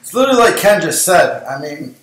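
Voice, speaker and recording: A man's voice: on the high side, very animated, brisk, fairly bright tone. A man, a real estate agent, speaking briefly and a little nervously. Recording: echoey room.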